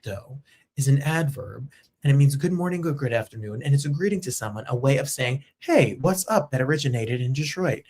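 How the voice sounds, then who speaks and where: A man hosting a show in casual chat, excitable and chatty, jumping from topic to topic. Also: on the high side. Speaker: host. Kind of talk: casual live-stream chat.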